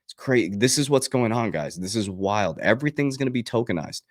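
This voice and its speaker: Fired-up man coaching, deep voice, dry sound. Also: expressive, fairly quick, dry recording. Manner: passionate, preachy, swears, acts out quotes. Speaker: crypto coach and channel host. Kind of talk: fired-up motivational talk to camera.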